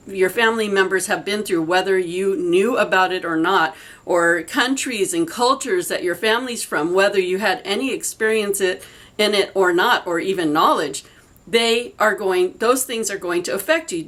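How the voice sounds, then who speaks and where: Middle-aged woman, earnest healer talking casually to camera, even mid pitch, soft music behind. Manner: earnest, personal, rambling with fillers. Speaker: energy healer. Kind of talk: casual spiritual talk to camera.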